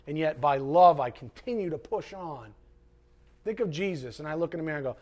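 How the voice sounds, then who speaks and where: A man's voice: on the high side, animated, fairly quick. A man preaching a sermon as pastor, impassioned, with sarcastic asides to the congregation. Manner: impassioned, swings from quiet to loud.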